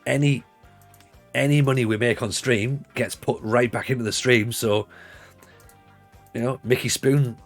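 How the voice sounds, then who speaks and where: A man's voice: medium pitch, fairly even intonation, a little slow, pauses often, soft background music. A man in his forties with a Northeast English accent, chatting casually and rambling on a livestream, laughing easily. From Northeast England. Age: 40s.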